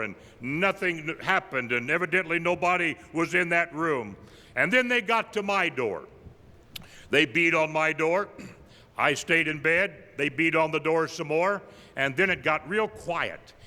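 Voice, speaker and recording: An older man, an evangelist, tells humorous personal stories at a tribute, delivering his punchlines deadpan. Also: a little high, measured pace. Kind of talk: folksy storytelling tribute. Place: large camp meeting hall. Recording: live in a big reverberant hall.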